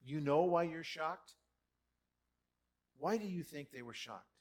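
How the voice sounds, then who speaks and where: Preacher guy in a church, kinda high voice, gets loud then drops way down, very animated. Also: slow. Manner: animated, dramatic quoting with big swings in loudness. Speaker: pastor. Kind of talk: sermon.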